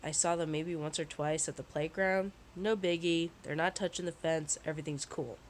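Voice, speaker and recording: A woman's voice: low voice, fairly even intonation, normal speed, slight background noise, poor audio. A woman vlogger telling a personal story in a casual, rambling way, swearing often and sounding shaken. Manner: profane, candid, rambling with restarts.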